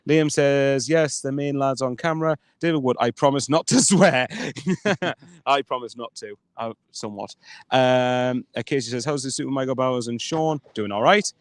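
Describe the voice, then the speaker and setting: A man's voice: mid-range voice, moderate pace, smooth, no room sound. Man, teasing banter, fan show co-host, dry recording. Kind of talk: live fan podcast chat.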